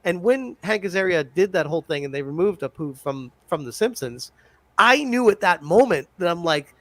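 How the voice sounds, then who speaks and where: A man's voice: high voice, creaky, a bit bright, no room sound. A man in casual podcast chat, talking in a rambling, conversational way. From Italian heritage.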